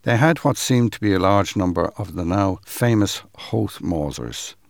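Man, very low voice, first-person memoir reading, measured storytelling, dry close sound. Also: lively intonation, dry recording. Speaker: reader of a first-person account.

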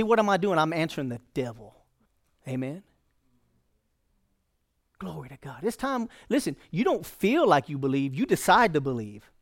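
A male pastor preaching a sermon in a folksy, conversational way. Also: fairly high pitch.

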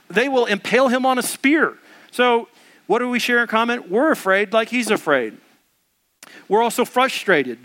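A man's voice: sits high, sharp tone. A male preacher giving a conversational sermon who acts out quotes as he goes.

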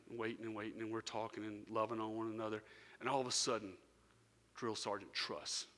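A man preaching a sermon, telling a story and swinging from quiet, low passages to loud, raised bursts. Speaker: pastor. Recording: long hall reverb.

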